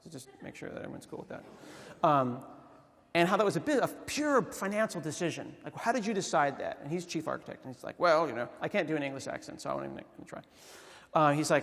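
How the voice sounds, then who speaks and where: A man's voice: fairly high pitch, quick pace, gravelly. A man giving a humorous conference talk, telling a story and acting out the voices of the people in it. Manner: animated storytelling with quoted voices. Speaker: conference speaker. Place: large conference hall. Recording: reverberant hall.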